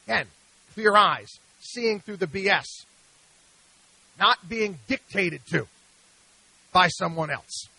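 A man's voice: high voice, slow, creaky, long pauses, sharp tone, breathy edge, no room sound, low-quality recording. A man hosting a radio show, delivering an emphatic, preachy monologue full of rhetorical questions.

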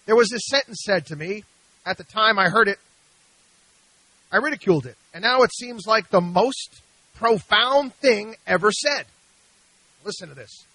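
A radio host holds forth alone at the mic, pressing his points with rhetorical questions and repeated slogans. His voice sits high and bright. The studio sound is close and dry. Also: animated, moderate pace, dry recording, rough recording. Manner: emphatic, preachy, rhetorical questions. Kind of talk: opinionated radio monologue.

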